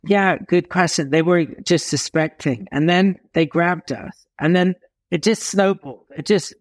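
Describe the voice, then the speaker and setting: A man from England telling a story as an interview guest, animated, with dramatic pauses and emphatic swings in pitch. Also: no echo, studio quality.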